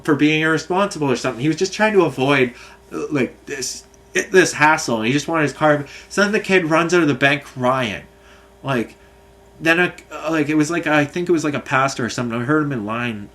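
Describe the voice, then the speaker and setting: A man's voice: medium pitch, fairly bright tone. A man telling a long, angry, rambling story, swearing often. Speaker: vlogger. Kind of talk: ranting monologue.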